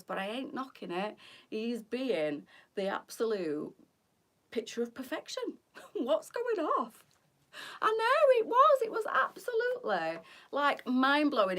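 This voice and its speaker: A woman's voice: mid-range voice, far from the mic. A middle-aged woman, hosting a live boutique try-on with bubbly, gossipy chat and frequent laughter. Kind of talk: chatty live-stream fashion talk.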